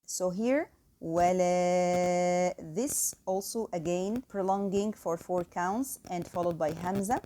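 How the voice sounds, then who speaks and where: A woman teaching tajweed in English, explaining each rule and then reciting the words slowly and carefully to show the right sounds. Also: mid-range voice, mellow. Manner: slow, careful demonstration of Arabic sounds, counting out elongations. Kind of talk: tajweed lesson with recited examples.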